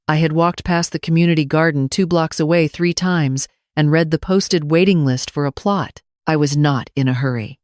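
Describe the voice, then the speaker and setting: An older woman narrating a first-person story in a measured, calm, reflective way. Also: low-pitched, no echo, studio quality.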